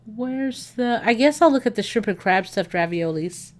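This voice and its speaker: A woman hosting a casual livestream, chatting excitedly. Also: fairly high pitch, moderate pace. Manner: excitable, gushing, talks to viewers. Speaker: livestream host.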